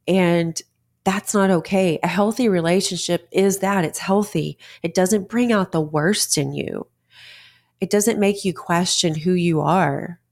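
A middle-aged woman hosting a podcast, talking earnestly and conversationally with many fillers and restarts. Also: on the low side. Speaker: podcast host, author. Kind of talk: casual monologue.

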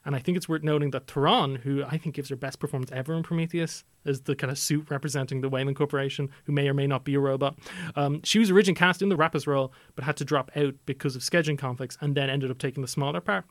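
A man's voice: medium pitch, quick pace, few pauses, dry recording. A young adult man co-hosting a podcast, talking through a film in a casual, analytical way with many filler phrases. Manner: chatty, analytical, many "you know" fillers. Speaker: podcast co-host.

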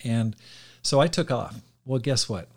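Middle-aged male podcast host, animated casual storyteller, mid-pitch. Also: a little slow. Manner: animated storyteller, acts out quotes with laughs.

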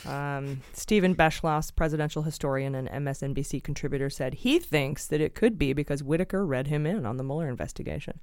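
Podcast host, woman, smooth clear voice, dry close sound, playful and laughing. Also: low voice, fairly quick, few pauses, a little mellow, no echo. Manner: playful, laughs often, reads jokes aloud. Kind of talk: casual podcast chat.

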